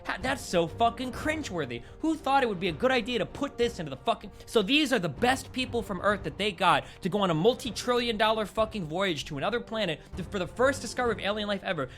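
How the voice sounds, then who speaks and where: A man's voice: high-pitched, fairly bright tone. A young man streaming live, ranting heatedly about a film with plenty of profanity. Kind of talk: live stream movie rant.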